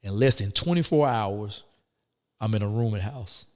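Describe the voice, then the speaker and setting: A man's voice: on the low side, normal speed, in a large hall. A man, telling his story as a guest in a casual interview and acting out the people in it. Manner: animated, acts out quoted people.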